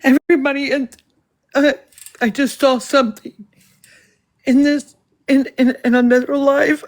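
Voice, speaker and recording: A woman's voice: high voice, steady tone, measured pace, pauses often. A woman on a live stream, panicked and pleading, shaken and close to tears.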